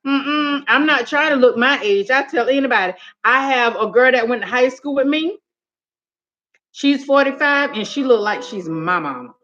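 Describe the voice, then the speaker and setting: A woman's voice: sits high, normal speed, dull audio. A woman, chatting sassily with her live-stream viewers and laughing often. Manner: sassy, animated, laughing often, calls viewers honey and girl. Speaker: vlogger talking to live chat. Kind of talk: casual live-stream chat. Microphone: phone camera.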